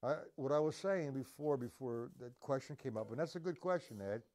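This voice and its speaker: Relaxed male drum teacher counting time. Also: medium pitch, a little fast. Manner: casual, demonstrative, counts beats aloud and scats drum sounds. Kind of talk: live-streamed drum lesson.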